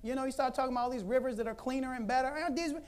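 A woman preacher telling a Bible story in an animated, conversational sermon, laughing often. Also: sits high, racing.

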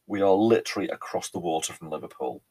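A Merseyside man in his thirties from Ellesmere Port, England, with a faint Cheshire lilt, hosts a casual solo podcast. His deep, warm, slightly rough voice moves quickly with lively intonation as he rambles chattily, full of ums, restarts and repeated words.

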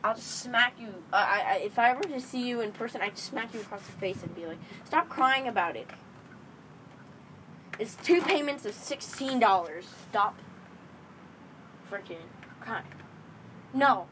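A woman's voice: a little high, a bit bright. Bossy rambling teenage girl, noisy recording. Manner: bossy, rambling, self-correcting. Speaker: young vlogger pitching a game club. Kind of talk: rambling casual monologue.

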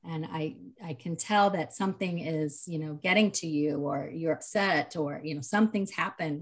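Earnest lady chatting about parenting, kinda lower voice, lots of um and you know. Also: moderate pace, few pauses. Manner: earnest, animated when telling stories, many fillers. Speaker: podcast co-host, parent of a nonverbal child. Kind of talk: casual conversation.

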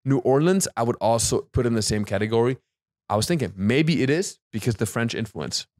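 A man, co-hosting a podcast, telling stories in a lively way with frequent restarts and laughs. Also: medium pitch, a little fast, no room sound, studio quality. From Germany. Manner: animated storyteller, stammers and restarts, laughs often. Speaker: podcast co-host. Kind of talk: casual chat.

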